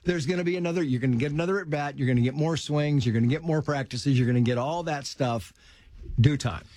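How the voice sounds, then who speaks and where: A middle-aged man telling personal stories in casual conversation, animated, acting out the voices of people in them. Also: fairly high pitch, fast, no echo. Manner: animated storyteller, acts out quoted voices. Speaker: guest telling life stories.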